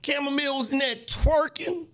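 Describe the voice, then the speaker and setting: A man's voice: very high voice, normal speed, fairly bright tone, raised voice. A man hosting a podcast, giving casual political commentary in a mocking way, repeating his lines and laughing often. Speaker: podcast host.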